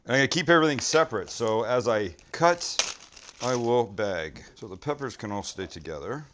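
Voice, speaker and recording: A man's voice: lowish voice, a bit bright, a little hiss or hum. A middle-aged man hosting a casual cooking vlog from a hotel room, chatty and joking as he chops. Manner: joking, chatty, talks while cutting. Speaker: cooking show host.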